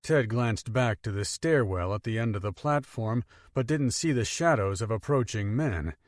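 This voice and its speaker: A man narrating an audiobook in steady, expressive storytelling. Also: on the low side, normal speed, no room sound, studio quality. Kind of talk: scripted narration.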